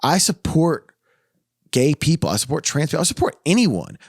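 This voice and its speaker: A man's voice: a little high, big pitch swings, normal speed, creaky, slightly rough, dry recording, clean studio sound. A man co-hosting a podcast in casual chat, ranting heatedly and swearing a lot. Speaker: podcast co-host. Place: podcast studio.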